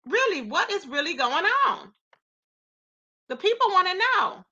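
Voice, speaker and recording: A woman's voice: very high voice, big pitch swings, measured pace, bright, forceful tone, muffled recording. A woman hosting a live gossip commentary stream, reacting with incredulous rhetorical questions and greeting her chat. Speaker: commentary channel host.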